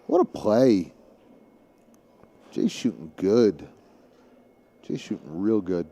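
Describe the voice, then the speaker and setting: A man's voice: low voice, sing-song, slow pace, gravelly, dark tone, dull audio. A man from Staten Island with a thick New York City accent, chatting and rambling as a guest commentator on live pool. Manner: chatty, rambling, with many restarts.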